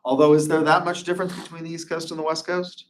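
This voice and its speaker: A man's voice: fairly high pitch, little pitch movement, fast, recorded from a distance, slight background noise. A man giving an informal classroom lecture, chatty and anecdotal, drifting into loose personal stories. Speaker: instructor.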